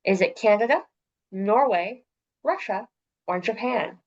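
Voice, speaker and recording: Lively, slow-reading woman with muffled audio. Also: mid-range voice. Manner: reads every question and its options twice, lightly joking. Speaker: trivia quiz host. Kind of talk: reading multiple-choice questions.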